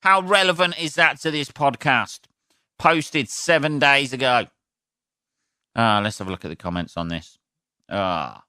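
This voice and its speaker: A man's voice: medium pitch, a little slow, pauses often, pushed and bright, clean tone, dry recording, clean studio sound. A man hosting his own podcast, rambling and swearing casually, sniffly from sneezing, laughing at his own jokes. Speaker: podcast host. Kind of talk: casual solo podcast rant.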